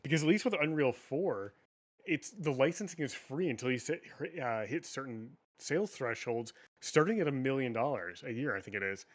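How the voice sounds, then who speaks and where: A man's voice: mid-range voice, animated, normal speed. A man co-hosting a casual gaming news podcast, ranting with lots of swearing and frequent laughs. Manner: profane, ranting, laughs often. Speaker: podcast co-host.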